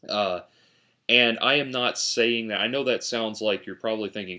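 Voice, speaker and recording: A man's voice: on the low side, measured pace, bright, forceful tone. A man talking casually in a vlog, reviewing a film in a rambling way with many restarts. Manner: rambling, full of restarts and fillers. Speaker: video host reviewing a film.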